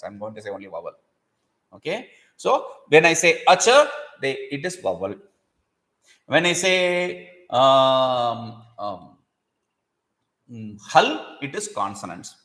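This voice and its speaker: A man gives an explanatory grammar lecture, patiently explaining, repeating terms, and posing rhetorical questions. His pitch is fairly high and his tone a bit bright.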